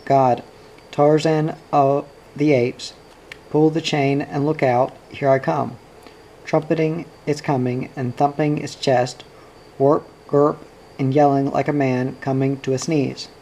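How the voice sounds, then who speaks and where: A man reading a novel aloud in an unhurried, even storytelling delivery. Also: medium pitch, slight background noise, low-quality recording. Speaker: reader. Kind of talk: audiobook narration of a novel.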